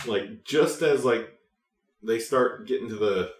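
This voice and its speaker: A man's voice: mid-range voice, measured pace, roomy sound, noisy background. A man hosting a podcast, telling a story in casual chat, laughing often and acting out the voices of people he quotes. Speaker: podcast host.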